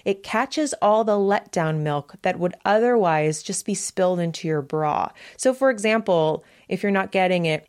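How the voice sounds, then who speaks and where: A woman hosting a casual podcast, talking in an upbeat, chatty way as she shares practical tips. Her voice sits a little low for a woman. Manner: upbeat, chatty advice-giving. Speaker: podcast host.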